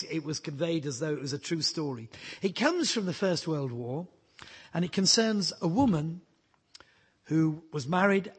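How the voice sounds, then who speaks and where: A man preaching with a husky, breathy edge to a voice pitched high for a man. He tells stories earnestly and presses hard on his key words as he builds to fervent points. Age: adult. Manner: earnest storytelling, rising to fervent emphasis. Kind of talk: sermon.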